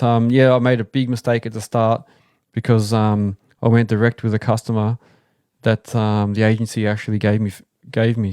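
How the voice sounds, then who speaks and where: Relaxed Australian man telling work stories. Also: fairly low pitch, no room sound, studio quality. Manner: relaxed, rambling, acts out quoted people. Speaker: host, excavation business owner. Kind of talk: casual livestream storytelling.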